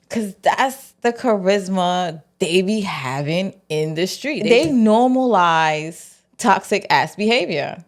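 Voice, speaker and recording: Brief: woman recap host, mid-pitched voice, slangy and animated, acts out characters' lines. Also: takes it slowly, few pauses. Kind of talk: casual TV episode breakdown.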